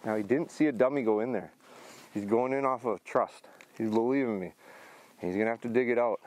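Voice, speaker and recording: A middle-aged man training a hunting dog outdoors, explaining his approach in a relaxed way between short commands. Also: fairly quick. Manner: high excited praise to the dog. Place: outdoors in a field.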